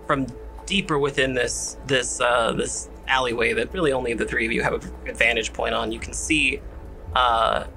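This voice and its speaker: Gravelly-voiced man running a tabletop game. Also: mid-range voice, bright, forceful tone, low-quality recording. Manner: explanatory, hesitant with many fillers. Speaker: game master.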